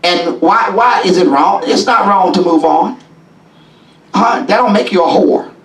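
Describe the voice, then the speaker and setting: A man preaching a sermon as bishop in a church, folksy and call-and-response, rising now and then into shouts. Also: high voice, unhurried. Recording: echoey church from a distance.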